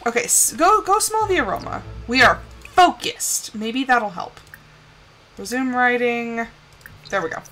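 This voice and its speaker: A young woman giving casual live commentary on a life-sim game, chatty and scolding her characters with bursts of excitement. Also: on the high side, unhurried, a little hiss or hum, poor audio.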